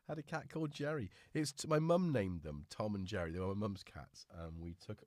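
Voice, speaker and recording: A man hosting a relaxed live stream, chatting casually and talking fondly to his cats. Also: fairly low pitch, no room sound, clean studio sound. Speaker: livestream host.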